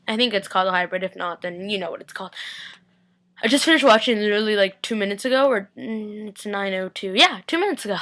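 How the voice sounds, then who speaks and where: A young woman chatting excitedly in a casual recap vlog, rambling with many fillers, filmed at home on a webcam. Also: mid-range voice. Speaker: vlogger recapping a TV episode. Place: home during a family party.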